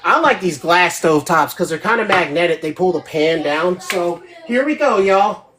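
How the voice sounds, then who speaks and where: A woman with a lowish, expressive voice speaks at a normal pace, her tone a bit bright over a faint hiss or hum. She hosts a casual live cooking demo from her home kitchen, chatting away and checking in with viewers, often tossing in "right?" as she goes.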